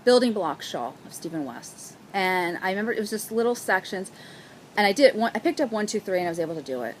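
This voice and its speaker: Brief: young woman, chatty and excitable knitting vlogger, faint outdoor hiss behind. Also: mid-range voice, fast talker, low-quality recording. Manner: bubbly, gushing, chatty. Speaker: knitting podcast host. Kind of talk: casual chat.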